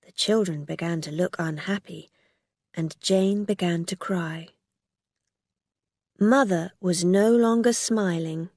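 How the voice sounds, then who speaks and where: Lady reading a story for english learners, slow and careful, kinda husky. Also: lowish voice, darkish tone, dry recording, clean studio sound. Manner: clear, measured storytelling. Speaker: narrator. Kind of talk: graded-reader story narration.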